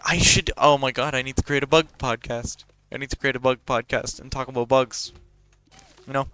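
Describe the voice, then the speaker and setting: Excitable young man, smooth voice. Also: medium pitch, fairly quick, dry recording. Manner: excitable, profane, rambling. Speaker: podcast host. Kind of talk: casual rambling chat.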